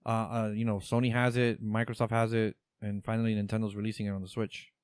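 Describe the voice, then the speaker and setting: A man's voice: fairly low pitch, little pitch movement, quick pace, clear, resonant tone, no echo, clean studio sound. A man co-hosting a casual gaming chat, swearing freely and stammering through restarts. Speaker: podcast co-host.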